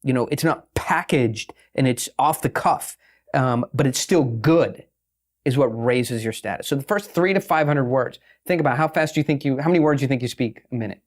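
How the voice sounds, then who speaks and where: A man speaking as a podcast guest, brash and profane, talking in fast bursts and slowing down to stress a point. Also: medium pitch. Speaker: guest, pitching expert. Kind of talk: podcast interview talk.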